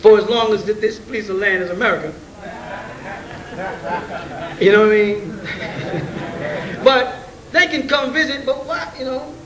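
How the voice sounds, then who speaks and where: A man's voice: high voice, measured pace, pauses often, crowd noise. A man giving an informal, slangy lecture to a room of listeners. He jokes, chuckles between points and keeps asking rhetorical questions. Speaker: lecturer addressing an audience. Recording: roomy, distant, faint hiss.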